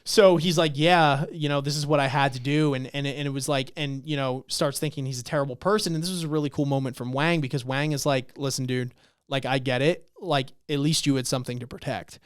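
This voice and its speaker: A man on a podcast, casually recapping a webtoon and acting out the characters' lines with swearing and excitement. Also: medium pitch, brisk, clear, resonant tone, no echo, studio quality. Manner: animated retelling, acts out lines, swears. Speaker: podcast co-host.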